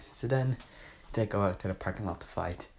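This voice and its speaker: A man's voice: fairly low pitch, normal speed, creaky. A young man casually reviewing a book, rambling and sarcastic, often correcting himself mid-sentence.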